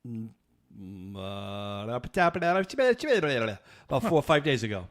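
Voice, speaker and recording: Middle-aged guy on a podcast, casual chat, tells stories and does everyone's lines, mid pitch. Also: extremely slow. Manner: animated storyteller, acts out dialogue. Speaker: podcast co-host.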